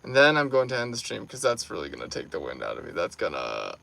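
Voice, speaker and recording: A man hosting a casual livestream, playful and warm toward his viewers, his voice slightly hoarse and tired. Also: medium pitch, sing-song, fast, low-quality recording. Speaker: livestream host.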